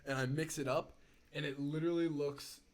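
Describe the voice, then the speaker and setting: A man's voice: a little high, fairly even intonation, a little fast. A young man on a podcast, telling a story in casual chat, with lots of fillers and "dude", building up as he goes. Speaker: podcast guest.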